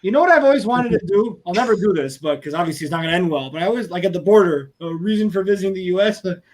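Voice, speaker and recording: High-voiced man hosting a podcast. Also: lively intonation, rapid-fire. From Canada. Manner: rambling, swears, laughs easily. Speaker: podcast host. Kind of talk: casual podcast chat.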